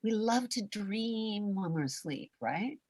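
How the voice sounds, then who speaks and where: An older woman coaching performers in an animated chat, theatrical and shifting between soft whispers and loud outbursts. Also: mid-range voice, slow pace, no room sound. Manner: theatrical, swings from whispers to shouts.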